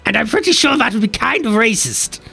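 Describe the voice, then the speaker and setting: A man with an Irish accent, chatting playfully on a game live stream and jumping between deep and high voices. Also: expressive, a little fast, creaky, sharp tone, breathy edge, soft background music. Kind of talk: casual live-stream chat.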